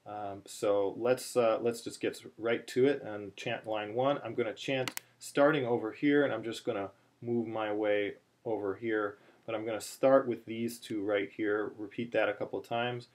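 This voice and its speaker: A man teaching a chanting lesson, talking slowly through many fillers and restarts, then breaking into short chanted phrases. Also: lowish voice, fairly even intonation. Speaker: cantillation teacher. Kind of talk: chanting lesson, spoken explanation with chanted examples. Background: phone ringing in the background.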